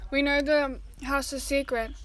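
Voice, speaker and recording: A woman's voice: sits high, fairly even intonation, a little slow, a bit bright. A woman reading the part of a caring teenage girl, soothing and reassuring.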